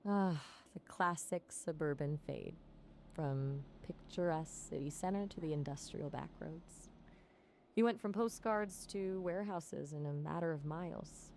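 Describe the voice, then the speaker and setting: A woman's voice: low voice, measured pace, creaky, a little mellow, slight background noise. A synthetic woman's voice acting as an AI companion, chatty and full of playful quips. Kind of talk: conversational AI chat.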